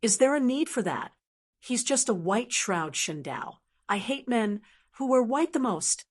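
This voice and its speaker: A woman's voice: on the high side, lively intonation, unhurried, breathy edge. A woman voicing a lazy, brash young nobleman who scoffs and talks bluntly. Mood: scoffing.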